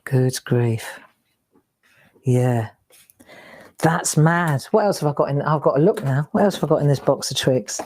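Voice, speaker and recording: A woman's voice: sits low, a little mellow. A middle-aged woman hosting a craft live stream, chatting and exclaiming as she looks through old keepsakes. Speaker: craft show host. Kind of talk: casual live-stream chat.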